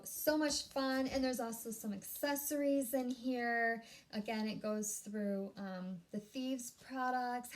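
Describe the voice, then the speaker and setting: An excitable woman chatting through an unboxing at home, gushing as she goes and cutting herself off mid-thought. Her voice sits a little high and her talk runs slow and drawn out. Steady noise hangs behind her on a home recording. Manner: gushing, easily excited, self-interrupting. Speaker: vlogger. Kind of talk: casual unboxing chat. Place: home room.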